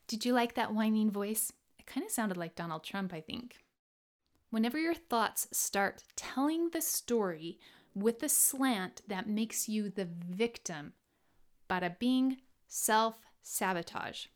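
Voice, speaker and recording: A woman hosting a reflective personal monologue on self-help, animated and drawing out key words for emphasis. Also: medium pitch, slow.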